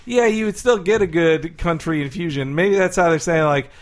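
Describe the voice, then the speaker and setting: Slightly high-voiced man musing. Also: normal speed. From near the Florida–Georgia border. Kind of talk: casual chat.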